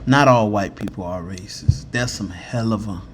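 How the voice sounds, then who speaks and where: A man's voice: fairly low pitch, moderate pace, a little hiss or hum. A man co-hosting a podcast in casual chat, blunt and reactive, swearing and laughing often. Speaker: podcast co-host.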